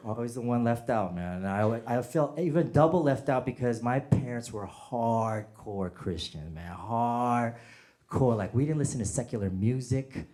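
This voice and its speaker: A man from the United States doing a stand-up set, telling animated stories and acting out bits with sudden shouts. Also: medium pitch, slow. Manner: animated storyteller, acts out bits and bursts into shouts. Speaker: stand-up comedian. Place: comedy stage with a laughing audience. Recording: noisy live comedy club audio.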